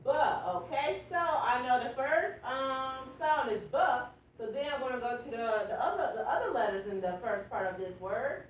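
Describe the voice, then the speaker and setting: Woman teacher, patient and prompting, slightly high voice, distant mic with lots of room echo. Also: expressive, moderate pace, hardly any pauses, a little hiss or hum. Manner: patient, prompting students by name. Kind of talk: classroom phonics lesson. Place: classroom.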